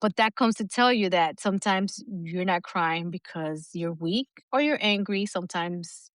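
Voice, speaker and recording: A middle-aged woman co-hosts a podcast, chatting casually and bluntly with lots of swearing and frequent laughter. Her voice is fairly low and a little slow, with no echo.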